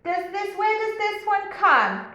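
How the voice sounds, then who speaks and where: A woman kindergarten teacher telling a story in an online lesson, slow and sing-song, asking a young child questions. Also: extremely high pitch, sing-song, bright, forceful tone. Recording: very echoey room.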